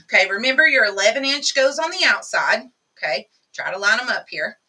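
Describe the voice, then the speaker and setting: A woman's voice: a little high, animated, brisk, bright, forceful tone, distant mic, a little hiss or hum, low-quality recording. A woman hosting a live crafting demonstration, chatting with viewers as she works. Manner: chatty, talks to viewers while working. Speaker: craft tutorial host.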